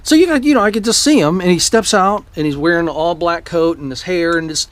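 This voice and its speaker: A man's voice: fairly high pitch, fast, faint music behind. A man vlogging, eagerly retelling a personal story to camera in a rambling way, with the odd swear.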